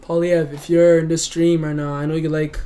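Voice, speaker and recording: A man's voice: a little high, level tone, normal speed, mellow. A young man streaming live, talking earnestly and emotionally, often stumbling over and repeating his words. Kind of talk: casual livestream chat.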